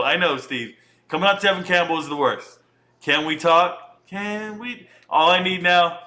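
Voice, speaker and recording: A man's voice: a little high, pushed and bright. A man casually chatting and joking with his viewers while he reacts live to a fight.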